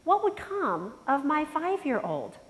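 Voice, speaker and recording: A woman's voice: big pitch swings, a little slow. Woman telling her story in an echoing hall. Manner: heartfelt, reflective, with sudden rises in pitch and volume. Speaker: conference speaker. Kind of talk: personal storytelling speech. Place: large conference hall. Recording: long reverb from a conference hall.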